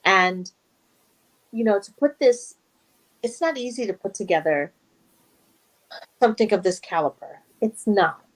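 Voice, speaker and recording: A woman's voice: mid-range voice, unhurried, pauses often, low-quality recording. Earnest woman guest. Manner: earnest, animated, emotional at times. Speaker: guest, charity event organizer. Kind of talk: casual interview talk.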